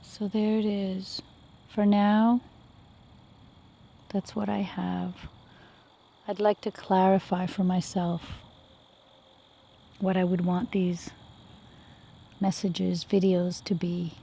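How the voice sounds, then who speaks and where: Soft-spoken reflective woman vlogging outdoors. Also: mid-range voice, little pitch movement, slow pace, creaky, pauses often, slightly rough. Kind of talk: rambling outdoor vlog. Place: outdoors on a walk by a lake. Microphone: phone held while walking.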